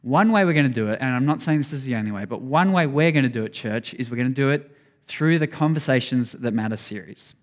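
A man's voice: mid-range voice, expressive, fast talker. A man preaching a sermon, earnest and conversational, speaking straight to his congregation. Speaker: pastor.

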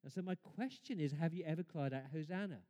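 A pastor preaching a sermon, his fairly high voice swinging between loud emphatic exclamations and quiet asides. The sound carries a long reverb from a large church hall. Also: quick pace.

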